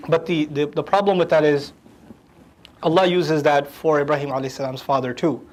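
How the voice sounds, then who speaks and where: A man teaching a lecture on the language of the Quran, animated and humorous, acting out quotes. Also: fairly high pitch, unhurried, long pauses, rough recording.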